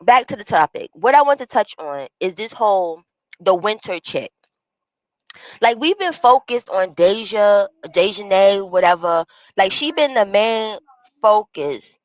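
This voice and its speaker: A woman's voice: medium pitch, lively intonation, measured pace, no room sound, dull audio. A woman hosting a livestream, talking bluntly and with lots of profanity, reacting to a news story and greeting viewers by name from a small home booth. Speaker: livestream host. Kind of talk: casual livestream commentary.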